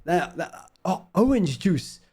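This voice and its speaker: A cheery Dutch man, pleased with all things orange, speaks in a mock Dutch accent, as a man puts him on. His voice lifts higher than normal and bounces in a sing-song, eager way. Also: big pitch swings, measured pace, a little mellow, husky, exaggerated voice. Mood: delighted.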